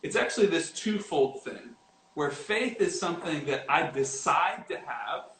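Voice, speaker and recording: A man giving a casual devotional talk as a youth pastor, animated and often acting out quoted lines. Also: unhurried, slight background noise. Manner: animated, acts out quoted lines with rising pitch. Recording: roomy echo with faint ambience.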